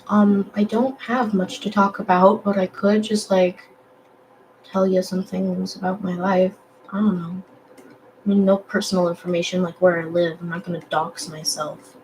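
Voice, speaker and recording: A young woman chatting casually while she draws, rambling with lots of fillers and self-deprecating asides, in a low morning voice. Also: darkish tone, a little hiss or hum, poor audio. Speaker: digital artist vlogger. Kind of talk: casual chat while drawing.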